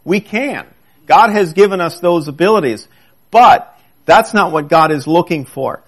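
Male preacher, sermon, higher-pitched voice, reads scripture then expounds with shifting pace. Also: animated, measured pace, fairly bright tone. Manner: reads scripture aloud, then explains it with emphatic swings in pace.

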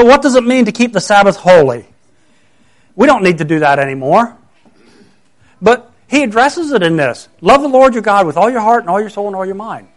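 A middle-aged man preaching a conversational sermon, earnest and full of rhetorical questions. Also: high-pitched.

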